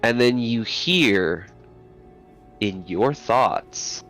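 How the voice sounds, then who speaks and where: A man running a tabletop game as game master, narrating slowly and dramatically and dropping low and quiet for tension. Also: lively intonation, soft background music.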